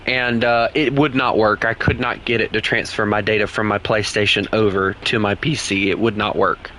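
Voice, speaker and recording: Bright-voiced Southern US gamer man. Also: on the low side, steady tone, moderate pace, a little hiss or hum. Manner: rambling, full of "like" and restarts. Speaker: gaming streamer. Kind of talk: casual gameplay commentary.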